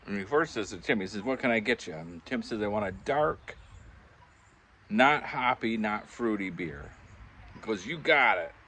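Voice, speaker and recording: Older man, low voice, casual rambling storyteller, chuckles, faint background hum. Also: moderate pace. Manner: rambling, chuckling anecdotes with animated quoted voices. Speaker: vlogger. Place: backyard pub shed.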